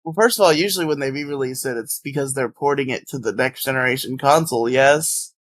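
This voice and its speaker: A man's voice: medium pitch, quick pace. Teasing, laughing man on a podcast. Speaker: podcast co-host. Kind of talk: casual podcast chat.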